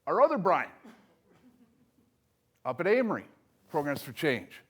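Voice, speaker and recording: An older man speaks to an audience in a motivational style, his voice sitting a bit high for a man. He punches key words loudly, then sinks into quiet, low asides. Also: very animated, measured pace, breathy edge. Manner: emphatic, swings between loud punches and soft lows. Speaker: speaker at a recovery event. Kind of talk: motivational speech.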